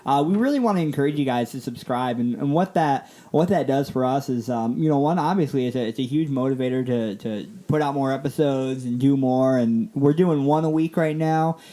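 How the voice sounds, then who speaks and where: A man's voice: medium pitch, a little fast, hardly any pauses, mellow. A man in his thirties co-hosting a casual podcast, joking and laughing often as he talks. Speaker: podcast co-host.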